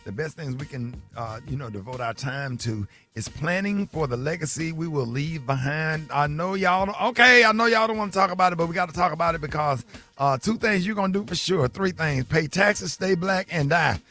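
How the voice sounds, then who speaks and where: A man's voice: fairly high pitch, expressive, a little fast, bright, forceful tone, soft background music. A man hosting a radio morning show, casual and teasing, talking with easy fillers. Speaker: host.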